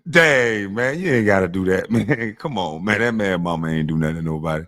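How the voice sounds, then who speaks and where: Smoking as he talks, this livestream host trash-talks and roasts his chat in a laid-back stream. Heckling pushes his pitch up high, and calming down brings it back low and slow.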